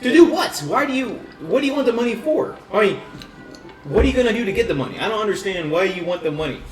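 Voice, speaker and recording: A man voicing a gruff, serious dwarven woman bartender who fires off questions in a high voice. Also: fast talker. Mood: suspicious. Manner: loud, excited, suspicious questioning. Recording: roomy, distant, music behind.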